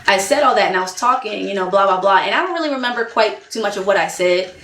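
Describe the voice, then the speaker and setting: A young woman telling a story to camera in a casual vlog, animated and talkative, acting out both sides of a phone call. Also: mid-range voice, fast. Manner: animated, quotes both sides of a phone call, frequent "you know what I mean". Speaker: vlogger. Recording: echoey room.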